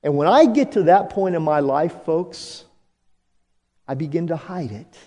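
A male pastor preaching a sermon, slow and dramatic, jumping to high emphatic bursts and dropping to hushed asides, leading the congregation in call-and-response. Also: expressive. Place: church sanctuary. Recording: long reverb of a church hall.

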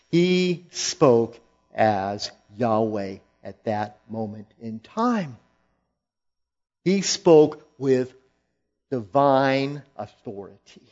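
Slow, emphatic preacher man, lively pitch. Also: muffled recording. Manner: slow, emphatic, swelling to loud quoted lines. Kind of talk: sermon.

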